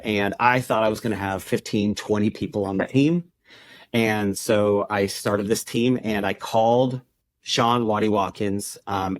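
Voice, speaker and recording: With a lowish voice and no echo, a man guesting on a podcast, the founder of an endurance club, talks through a personal story conversationally, voicing what people told him.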